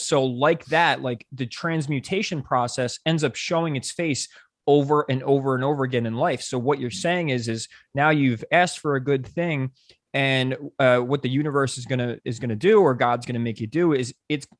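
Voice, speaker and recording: A man's voice: mid-range voice, no room sound, clean studio sound. A man hosting a casual podcast chat, rambling with many fillers and restarts. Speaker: podcast host.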